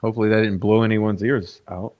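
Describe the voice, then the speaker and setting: A man's voice: lowish voice, steady tone, fairly quick, narrow, tinny audio. Casual man chatting to his stream. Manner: casual, chatty asides to the chat. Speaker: channel host. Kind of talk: live-stream commentary on court testimony.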